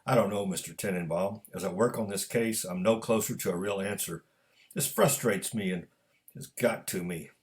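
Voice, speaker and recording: A man's voice: fairly low pitch, moderate pace, close to an everyday voice. A man reading a story aloud, voicing an earnest, polite male hotel detective.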